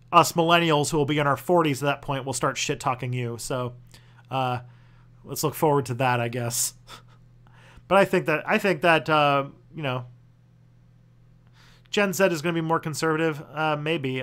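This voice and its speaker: A young man hosting a loose livestream Q&A, his voice sitting a little higher than most men's. He talks in a rambling, halting way, circling back and restarting his sentences, peppering them with "like" and casual swearing. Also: fairly even intonation, a bit bright. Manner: loose and profane. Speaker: host answering viewer questions.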